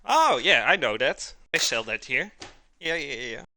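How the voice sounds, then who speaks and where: A man's voice: mid-range voice, very animated, moderate pace, bright, forceful tone. A man hosting a live cooking stream, chatting casually and calling his viewers "guys" as he cooks.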